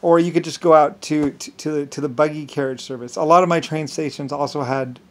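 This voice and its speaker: A man with a fairly high voice tells a long rambling monologue. He stops and restarts often, stacking fillers as he talks himself up in a grand, boastful way. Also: steady tone. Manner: halting, many restarts and fillers.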